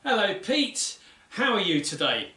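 A man's voice: high-pitched, big pitch swings, measured pace, bright, forceful tone. A man hosting a children's church show, delivering announcements and comic sketch lines in a mock-earnest, playful way. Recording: roomy, mic at a distance.

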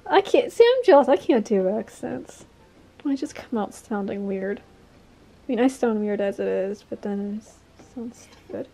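A woman's voice: medium pitch, a little slow, creaky, warm tone. A woman vlogging casually about her cat, playful and teasing, with giggles. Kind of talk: casual chat. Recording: music playing behind.

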